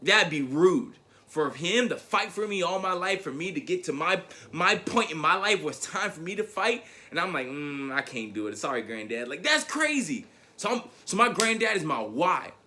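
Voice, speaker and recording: Brief: man, 30s, keynote speaker, bright forceful tone, emphatic storytelling. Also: high-pitched, expressive, moderate pace. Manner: emphatic storytelling with repeated words and rising emphasis. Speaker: motivational speaker. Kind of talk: motivational keynote speech.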